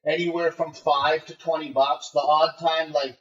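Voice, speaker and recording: A man's voice: on the high side, normal speed. A man telling brash, swear-filled stories as a guest in a casual interview, acting out the voices of people he met. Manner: swears a lot, animated and brash, acts out voices in his stories. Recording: muffled remote call, roomy and distant.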